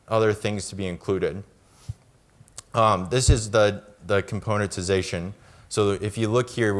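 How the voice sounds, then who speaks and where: A middle-aged American man giving a conference talk over slides, conversational and brisk, with fillers and quick asides. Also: lowish voice. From United States. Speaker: conference speaker.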